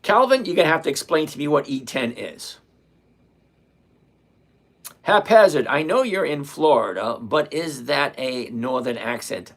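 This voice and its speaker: A man, hosting a casual trading livestream and chatting with viewers by name, relaxed and quick to laugh. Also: on the high side, vocal fry. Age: 60s. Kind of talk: casual livestream chat reading viewer comments.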